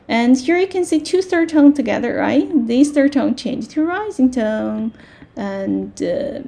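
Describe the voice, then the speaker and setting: A woman teaching a language lesson, repeating words slowly and checking that learners follow. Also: fairly high pitch, vocal fry, warm tone. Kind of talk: slow, patient language lesson.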